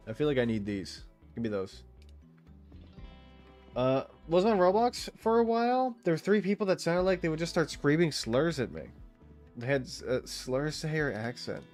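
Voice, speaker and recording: A young man streaming a game, chatting in a rambling, crude, giggly way. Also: mid-range voice. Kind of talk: casual chat while streaming a game.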